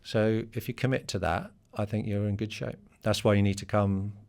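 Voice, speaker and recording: A middle-aged business leader being interviewed on a podcast. His voice sits very low, with a rough, gravelly edge. He talks straightforwardly, with fillers and restarts. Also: fairly even intonation, normal speed, a little mellow. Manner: straightforward, conversational with many fillers.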